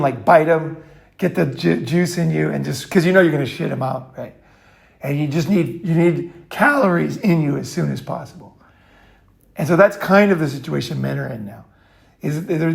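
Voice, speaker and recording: A man's voice: fairly high pitch, vocal fry. A middle-aged man giving a blunt, crude, profane monologue, lecturing the listener emphatically. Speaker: online commentator.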